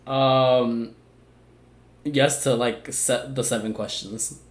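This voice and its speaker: A man in his twenties co-hosting a stream, easygoing and agreeable, quick to laugh. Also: medium pitch, steady tone. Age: 20s. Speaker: co-host. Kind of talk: casual chat. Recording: echoey room.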